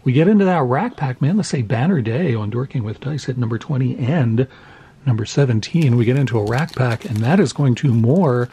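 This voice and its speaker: Card channel host, male, crisp clear voice, casual rambling commentary, self-deprecating. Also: medium pitch, lively intonation, brisk, dark tone, low-quality recording. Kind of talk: casual pack-opening commentary.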